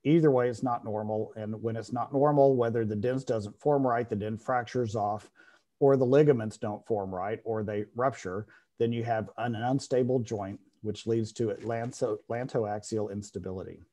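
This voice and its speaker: A man's voice: fairly low pitch, fairly even intonation, moderate pace, dark tone. Man lecturing in a classroom. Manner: explanatory, checks in with "okay?", frequent restarts. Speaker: veterinary radiology lecturer.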